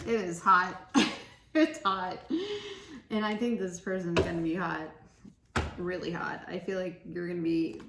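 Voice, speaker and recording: A woman's voice: fairly low pitch, steady tone, a little slow, pauses often. A woman giving a casual pick-a-card tarot reading, chatty and giggly, laughing often. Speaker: tarot reader. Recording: echoey room with faint noise.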